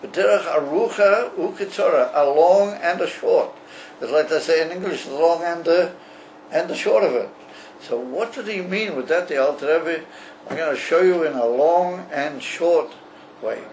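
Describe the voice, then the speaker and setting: A rabbi teaching a class on a religious text, explaining slowly and haltingly with frequent pauses and fillers. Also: male voice, a little high, slight background noise, low-quality recording.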